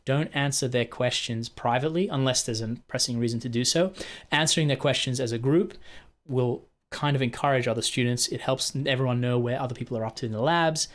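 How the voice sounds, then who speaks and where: A man with a medium-pitched, slightly quick voice trains fellow instructors in a relaxed, chatty screen-share walkthrough. He's a technical instructor who keeps checking in with "right?", and he's recorded on a computer mic.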